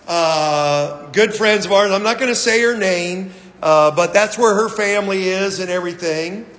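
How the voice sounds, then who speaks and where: High-voiced pastor in a reverberant sanctuary. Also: male voice, a bit bright. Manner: folksy, self-deprecating humor with frequent filler. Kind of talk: sermon. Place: church sanctuary. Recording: long hall reverb.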